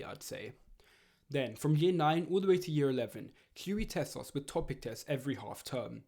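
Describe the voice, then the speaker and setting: Teen boy reading out study tips, earnest and steady, normal pitch. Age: teenager. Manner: earnest, steady, read-aloud delivery. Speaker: student giving study advice. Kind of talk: scripted educational narration.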